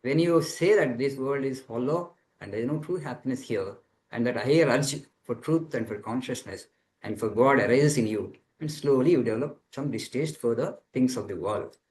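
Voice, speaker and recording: A man's voice: mid-range voice, normal speed, a little mellow, a little hiss or hum, poor audio. A man, a monk, giving a spiritual teaching talk to students over a video call, explaining earnestly and repeating phrases as he searches for words. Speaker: monk answering students' questions.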